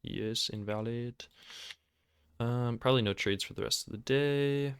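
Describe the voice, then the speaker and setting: Smooth-voiced man, excitable, self-mocking. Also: medium pitch, unhurried, no room sound, studio quality. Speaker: trading video host. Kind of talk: casual screen-recorded commentary.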